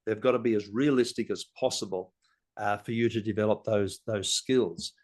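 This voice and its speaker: A man, a communication trainer and podcast guest, who tells stories in an animated way, laughs often and acts out scenes. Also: fairly low pitch, moderate pace. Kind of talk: casual interview talk.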